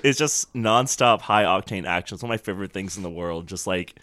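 A man's voice: low voice, a little fast, bright, forceful tone, no room sound, studio quality. A young man co-hosting a podcast, chatting casually and joking, acting out little scenes and puns. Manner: jokey, acts out scenes with silly voices and puns. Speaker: podcast co-host. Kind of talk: casual chat.

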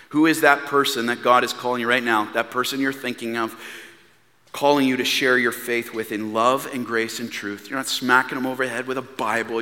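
Earnest preacher man in a reverberant church. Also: mid-range voice. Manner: earnest, pleading, swings from hushed to loud. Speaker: pastor. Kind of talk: sermon. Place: church hall.

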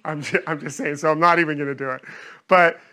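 Earnest high-voiced male preacher. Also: fairly even intonation, quick pace, bright, forceful tone. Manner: earnest, repeats words while searching for phrasing. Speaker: pastor. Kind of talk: sermon.

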